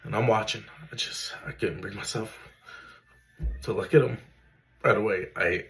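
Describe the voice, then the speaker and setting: A man's voice: on the low side, normal speed, fairly bright tone, poor audio. A man, earnestly telling his own emotional story as a father, with many fillers. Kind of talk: personal storytelling to camera.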